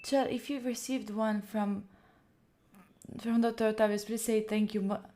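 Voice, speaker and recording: A woman's voice: mid-range voice, steady tone, moderate pace, mellow. A young woman from Italy hosting a study livestream, emotionally thanking viewers and close to tears. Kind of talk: casual livestream chat.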